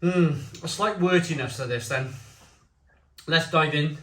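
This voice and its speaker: A man's voice: on the high side, a little slow, fairly bright tone. A man reviewing beers in a casual, rambling chat to camera, stumbling over restarts. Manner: chatty and rambling, with stammered restarts. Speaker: beer reviewer. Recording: echoey room.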